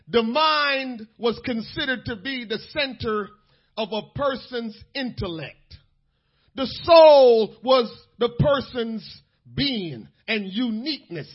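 A man preaching a sermon with fervor, moving from quiet storytelling to shouting, with many "uh"s and repeated words. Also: very high-pitched, husky. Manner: fervent, swings from soft storytelling to shouting; fills pauses with "uh", repeats words. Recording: dull lo-fi recording.

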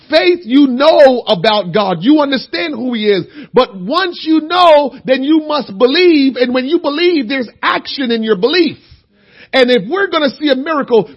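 A man with a strikingly high voice teaches a Bible lesson like a sermon. He tells the stories in a folksy, humorous way and often rises into loud, emphatic shouts to drive a point home. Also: breathy edge, dull audio. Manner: animated storytelling, breaking into shouts for emphasis. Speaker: church teacher.

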